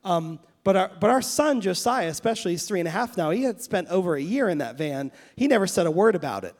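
A man in his thirties preaches a sermon in a notably high voice. He tells stories in a loose, self-interrupting way, often restarting his sentences. He then rises into fervent, emphatic preaching. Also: animated, fast talker, a little mellow. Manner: anecdotal storytelling with many restarts. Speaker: pastor.

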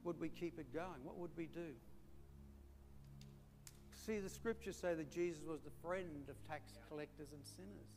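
A man's voice: a little high, moderate pace, pauses often. A middle-aged Australian man preaching a sermon in a folksy storytelling way, calling his listeners mate and friends. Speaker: pastor. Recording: echoey hall with faint hum.

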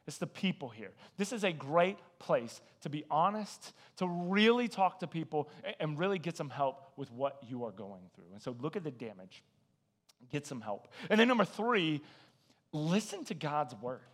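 A man preaching a sermon as a guest speaker, conversational and animated, telling stories with acted-out quotes and repeating "man" and "listen". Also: fairly high pitch, normal speed.

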